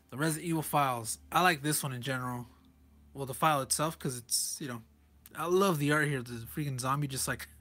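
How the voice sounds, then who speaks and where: A man's voice: a little high, sharp tone. A man casually reviewing a comic page by page, chuckling often and correcting himself in rambling asides. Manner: chuckles often and reads panel text aloud.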